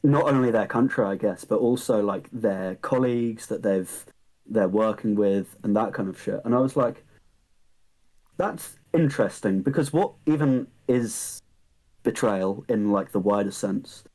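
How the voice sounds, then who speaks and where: A man's voice: fairly low pitch, unhurried, darkish tone, poor audio. A young man co-hosting a casual podcast, rambling and hesitant, with lots of fillers and swearing. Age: young adult. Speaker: podcast co-host.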